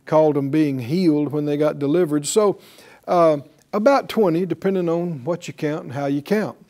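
A man's voice: fairly high pitch, moderate pace, a little mellow. A man teaching a Bible class, talking conversationally and putting rhetorical questions to his listeners.

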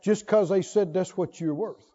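A male pastor preaching to a congregation, animated, often laughing and firing rhetorical questions at the audience. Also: sits high, moderate pace. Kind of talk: sermon. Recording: dull lo-fi recording.

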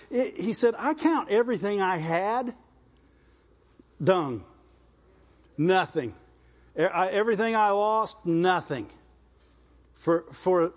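Rural Southern preacher, man, high voice, repeats himself and calls for amens, dull lo-fi recording. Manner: exhorting, repetitive, asks the congregation "Amen?". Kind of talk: sermon.

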